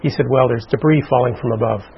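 A man's voice: medium pitch, quick pace, gravelly, highs cut off, slight background noise. A man recounting a personal story in an interview, in an earnest way, acting out what people said. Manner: earnest storytelling, acts out quotes. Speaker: interviewee, survivor.

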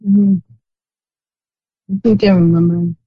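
A woman's voice: fairly low pitch, steady tone, slow, breathy edge, no echo. A woman chatting casually on a group call, rambling and searching for words as she talks. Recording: dull lo-fi call audio with faint noise.

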